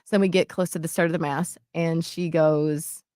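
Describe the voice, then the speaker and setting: A woman's voice: low voice, normal speed, no room sound, studio quality. A woman co-hosting a show, telling a personal story in casual chat and acting out what others said. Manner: animated, acts out quotes with shifts in loudness. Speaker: podcast co-host.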